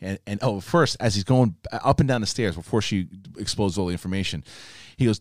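A man's voice: mid-range voice, fairly quick, dry recording, studio quality. A man co-hosting a casual live show, reading viewer messages and telling rambling stories. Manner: rambling, animated storytelling. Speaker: co-host. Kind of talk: casual live-stream chat.

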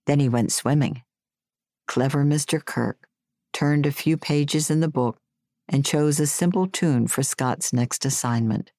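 A woman reading her personal memoir aloud in a wry, gently humorous way. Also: low-pitched, unhurried, dry recording, studio quality. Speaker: memoir narrator.

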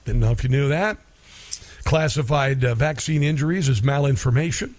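A man's voice: mid-range voice, normal speed, dry recording. A middle-aged man hosting talk radio in a rambling, folksy monologue full of fillers.

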